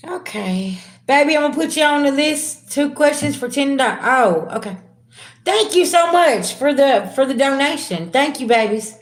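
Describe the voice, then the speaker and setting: Slangy woman tarot reader, roomy sound. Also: moderate pace. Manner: slangy, calls viewers "babies"; swings from low murmurs to loud excited bursts. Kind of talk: live-stream tarot reading. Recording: roomy echo.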